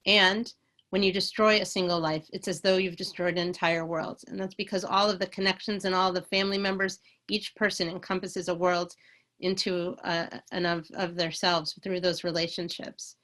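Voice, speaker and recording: A woman moderating an online panel discussion, speaking haltingly and restarting often as she searches for words. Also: on the low side, little pitch movement, fairly bright tone.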